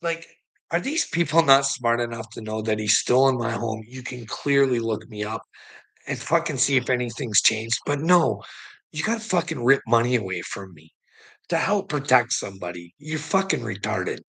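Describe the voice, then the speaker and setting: A man with a gravelly, raspy voice, worn out and venting in a long monologue. He swears in nearly every sentence and trips over his own restarts as he goes. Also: mid-range voice, animated, moderate pace, a bit bright. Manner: profane, swears constantly; stammers and restarts. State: weary. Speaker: vlogger. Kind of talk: ranting monologue to the camera.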